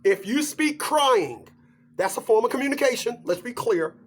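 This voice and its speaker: A man vlogger ranting to camera in a joking, animated way, laughing through his points. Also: very high voice, normal speed. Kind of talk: comedic rant to camera.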